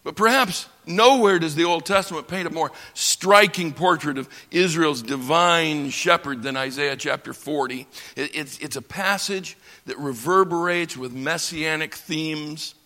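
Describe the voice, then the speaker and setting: Guy from the us teaching bible lecture, slow and deliberate, big dramatic pauses, long echo from the hall. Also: fairly high pitch, bright, forceful tone. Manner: slow, emphatic delivery with dramatic pauses and swells. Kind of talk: lecture on scripture. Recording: long reverb of a large hall.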